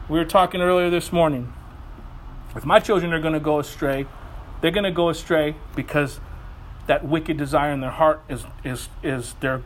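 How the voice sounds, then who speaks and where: A man in his thirties preaching a sermon, earnest and animated, telling family stories with quick asides. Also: sits high. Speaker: pastor.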